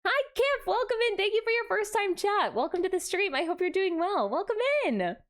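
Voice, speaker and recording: Young woman, high lively voice, bubbly live-stream chat, gasping greetings. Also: fairly quick. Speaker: VTuber streamer.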